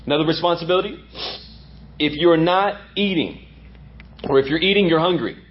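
A man's voice: a little high, normal speed, muffled recording, a little hiss or hum. A man preaching a sermon as pastor, emphatic and repeating lines for effect.

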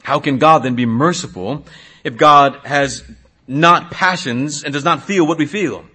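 A man's voice: fairly high pitch, sharp tone, slightly rough. A middle-aged man, a pastor, preaching a sermon in an earnest way, asking questions and sometimes restarting.

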